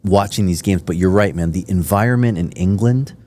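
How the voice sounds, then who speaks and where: A podcast host from Miami with a very low voice. He tells his stories in a rambling, enthusiastic way, full of fillers and asides. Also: brisk, mellow, slight background noise. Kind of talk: casual interview chat.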